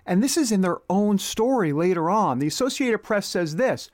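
High-voiced indignant male commentator. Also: lively intonation, moderate pace, no room sound, clean studio sound. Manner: indignant, rhetorical, reads out quotes. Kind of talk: political commentary monologue.

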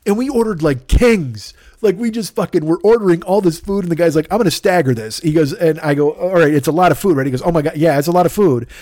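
Fast-talking, profane man telling a story. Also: a little high, dry recording, clean studio sound. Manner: profane, animated anecdote with quoted dialogue. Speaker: podcast host. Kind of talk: casual storytelling.

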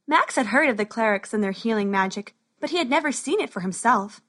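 Woman storybook narrator, steady, slightly high voice. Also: brisk.

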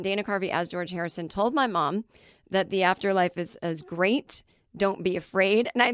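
A woman's voice: medium pitch, dry recording, clean studio sound. A woman comedian hosting her podcast, telling a rambling story with self-deprecating asides. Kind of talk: solo comedic monologue.

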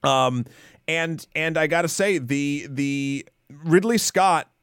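A man co-hosting a film podcast talks in loose, rambling chat, restarting his sentences and swearing now and then. His voice sits fairly high and sounds smooth and clear. The recording is dry, with no room sound. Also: slow pace, fairly bright tone, no room sound. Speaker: podcast co-host.

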